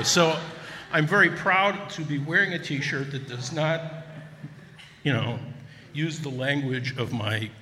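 Bright-voiced older man with a New Jersey accent. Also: medium pitch, slight background noise. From Newark, New Jersey. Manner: chatty, self-deprecating, halting with ums. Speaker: storyteller. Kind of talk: live storytelling to an audience. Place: neighborhood center hall. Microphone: stand microphone. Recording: long hall reverb.

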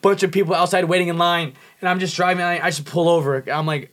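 High-voiced man telling a frantic story. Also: steady tone, fast, fairly bright tone. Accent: Californian English. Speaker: podcast guest. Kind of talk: casual storytelling.

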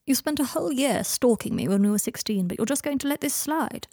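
A woman's voice: high-pitched, animated, a little fast, warm tone, dry recording, studio quality, pitched above the performer's own voice. A woman reading an audiobook and voicing a bitter, sardonic young man who talks in a cold, mocking drawl. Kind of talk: audiobook reading of fan fiction.

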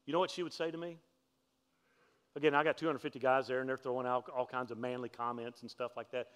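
A male pastor preaching a sermon, telling stories in a conversational way with joking asides and climbing to louder, higher peaks for emphasis. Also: fast talker, clear, resonant tone. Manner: animated storytelling, climbs in pitch and force for emphasis; conversational, humorous asides to the congregation.

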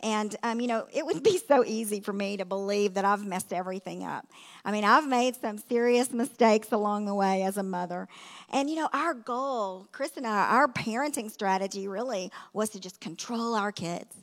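A woman's voice: mid-range voice, normal speed. A middle-aged woman giving a sermon as a guest speaker, telling stories in a conversational way with lots of asides and rhetorical questions. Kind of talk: storytelling sermon. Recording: reverberant hall.

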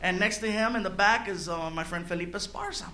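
A man tells a stand-up story, chuckling as he goes. His voice sits very high for a man. The recording is roomy and echoey, with noise underneath. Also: fairly quick. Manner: animated, chuckles through his own lines. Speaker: stand-up comedian.

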